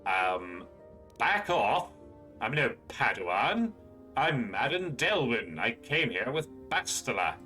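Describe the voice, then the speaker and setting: A man's voice: mid-range voice, sing-song, measured pace, bright, forceful tone, faint music behind. A man streaming a game and commentating casually, sarcastic and jokey as he talks back to the characters. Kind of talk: casual commentary over gameplay.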